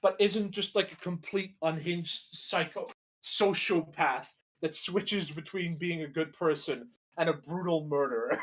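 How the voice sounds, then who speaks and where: A man's voice: fairly high pitch, a little slow. A young man riffing casually as a co-host, rambling and profane, full of filler words. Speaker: co-host reacting to a video. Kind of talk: casual reaction commentary.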